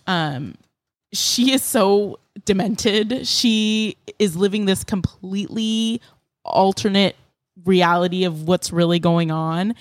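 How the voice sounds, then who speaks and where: A woman co-hosting a podcast, retelling a true-crime case in a casual, animated way with lots of fillers. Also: fairly low pitch, no echo. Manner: animated storyteller with many fillers. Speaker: podcast co-host.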